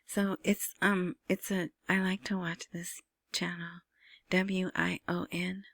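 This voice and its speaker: A woman hosting her own vlog, giving casual screen-share commentary on news in a soft, half-whispered way, with many ums and restarts. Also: on the low side, flat delivery, takes it slowly, vocal fry, dry recording. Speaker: vlogger commenting on Iraqi news and currency.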